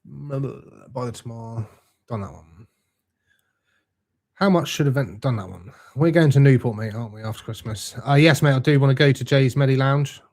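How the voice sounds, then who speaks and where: A man's voice: mid-range voice, normal speed, a little mellow. A young man hosting a live stream, chatting casually and reading out viewer comments in a laid-back, matey way.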